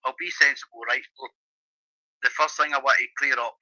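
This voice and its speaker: A man rants and swears through a heated livestream chat, his voice bright and strained. The sound is muffled and lo-fi, like a phone line. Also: medium pitch, fairly even intonation. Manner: angry, sweary, fast ranting with restarts. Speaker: livestream host.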